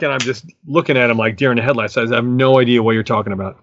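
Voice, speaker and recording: A man's voice: mid-range voice, steady tone, rapid-fire, a bit bright, lo-fi sound, slight background noise. A middle-aged man, a musician guest, telling stories enthusiastically in a rambling way full of fillers. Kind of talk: casual storytelling interview.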